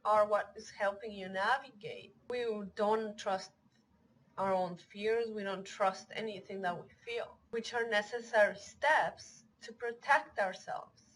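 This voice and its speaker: A woman's voice: mid-range voice, a little slow, a bit bright, rough recording. A young adult woman giving an earnest talk on emotional health, running through long lists of example phrases. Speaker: online wellness teacher. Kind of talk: talking-head educational talk.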